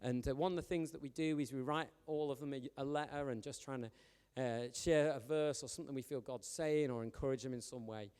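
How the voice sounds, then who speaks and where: Chatty youth pastor in a hall. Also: male voice, medium pitch, brisk, clear, resonant tone. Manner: chatty, animated, joking with the young audience. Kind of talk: informal storytelling sermon. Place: church hall. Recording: long hall reverb.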